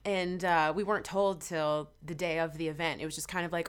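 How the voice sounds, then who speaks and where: A young woman from Georgia chats as a guest singer, slightly low in pitch. She tells her stories animatedly, slipping into quoted asides. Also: fast, hardly any pauses. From Georgia, USA. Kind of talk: casual interview chat.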